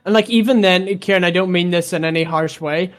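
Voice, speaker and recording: A man playing in a tabletop game, chatty and jokey and quick to back up the others' plans. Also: high-pitched, fairly bright tone, soft background music. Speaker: player. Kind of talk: casual tabletop game chat.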